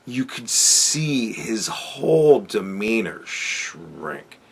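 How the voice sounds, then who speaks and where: A man's voice: on the low side, sing-song, very slow, creaky, husky. A man hosting a podcast, giving a sardonic, profanity-laced commentary monologue and chuckling often. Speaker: podcast host.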